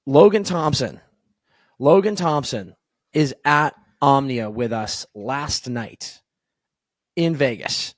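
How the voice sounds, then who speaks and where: A man's voice: medium pitch, no room sound. Laid-back young man talking hockey. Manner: quick, relaxed hockey talk with fillers. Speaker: podcast co-host. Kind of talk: casual chat.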